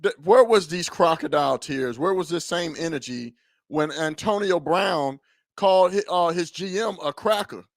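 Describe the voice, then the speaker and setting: A man hosting a political talk show, animated and mocking, often stumbling over his words. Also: fairly high pitch, moderate pace, creaky, dry recording, studio quality. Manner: animated, mocking, stammering restarts. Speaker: podcast host. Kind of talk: heated political commentary.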